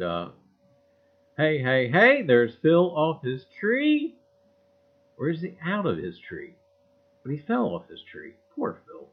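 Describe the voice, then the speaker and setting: Folksy livestream host, tinny sound. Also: male voice, on the high side. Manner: folksy, greets viewers by name, repeats "I tell you what". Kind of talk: casual livestream chat. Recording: tinny phone-like audio.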